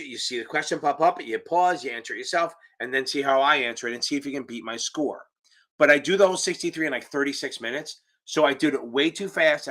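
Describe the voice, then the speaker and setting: A man's voice: fairly high pitch, bright, forceful tone. A man teaching a live online exam-prep session over a video call, casual and joking, with the odd curse. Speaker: exam tutor. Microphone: computer mic on a video call.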